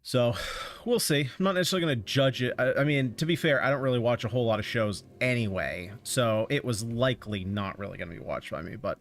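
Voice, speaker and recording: A man streams a game, talking casually at a quick pace in a medium-pitched voice. He rambles through opinionated thoughts as he plays.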